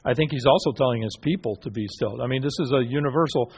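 A man's voice: medium pitch, a little mellow, breathy edge. A man teaching a Bible study group, asking questions and affirming answers, with many fillers and restarts. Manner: halting, with frequent fillers and restarts.

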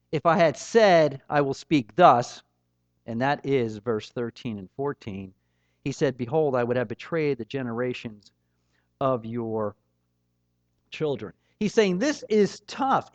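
A man's voice: fairly high pitch, no echo. A middle-aged man preaching a sermon, earnest and emphatic, with a rising and falling delivery. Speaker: pastor. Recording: dull, slightly muffled dry recording.

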